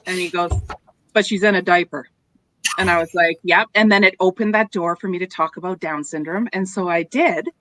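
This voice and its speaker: A woman's voice: lowish voice, a little fast, few pauses, fairly bright tone, rough recording. Chatty middle-aged woman sharing anecdotes. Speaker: co-host. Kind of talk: casual panel chat.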